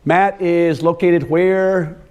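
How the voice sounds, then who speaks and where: Older man lecturing farmers, a bit high-voiced. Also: steady tone, slow pace, clear, resonant tone, dull audio. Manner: storytelling, firing questions at the audience. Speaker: workshop presenter on soil health. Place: workshop room with a live audience.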